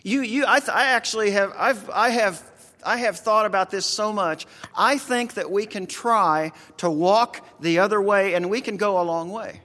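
A man's voice: high-pitched, moderate pace, bright, forceful tone. Folksy rural american guy giving a sermon, earnest, talks right at the crowd, echoey church sound. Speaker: preacher. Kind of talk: conversational sermon.

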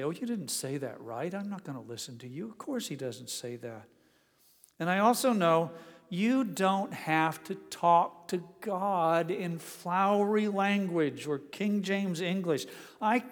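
An older man delivers a sermon in a slightly high voice, spinning folksy family stories with gentle humor. His words ring out in a church sanctuary with a long, lingering reverb. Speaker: pastor.

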